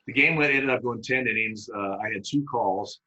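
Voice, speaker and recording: A man, a former umpire, telling lively anecdotes in an interview, with frequent restarts and acted-out quotes. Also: mid-range voice, moderate pace, low-quality recording. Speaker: retired baseball umpire guest. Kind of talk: storytelling in a conversational interview.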